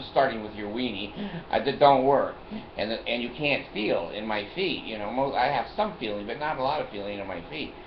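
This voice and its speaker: An older man telling a rambling personal story in a vlog, chuckling often and repeating himself. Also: medium pitch. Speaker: vlogger. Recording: roomy, dull lo-fi recording with faint hiss.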